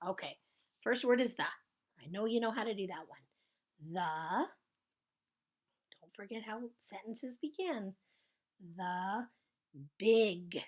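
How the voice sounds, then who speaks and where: A woman teacher giving slow spelling dictation to young children, stretching out sounds and cheering them on. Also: medium pitch, very animated, husky.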